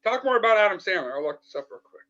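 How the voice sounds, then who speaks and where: A man's voice: high-pitched, sing-song, very fast, pushed and bright. A man chatting casually on a podcast, teasing his friends with crude jokes. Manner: teasing, profane. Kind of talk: casual chat. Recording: lo-fi audio.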